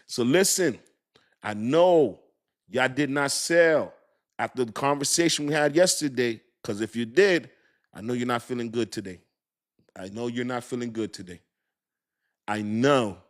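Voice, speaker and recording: A man's voice: medium pitch, unhurried, long pauses. Laid-back joking male crypto streamer. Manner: loose, joking, slangy, laughs often, gropes for words. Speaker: crypto livestream host. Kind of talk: casual livestream chat reading viewer comments.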